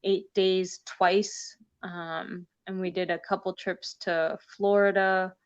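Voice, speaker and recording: A woman's voice: medium pitch, level tone, takes it slowly, smooth, dull audio. A woman comedian chatting casually as a guest, talking with many fillers. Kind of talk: casual conversation.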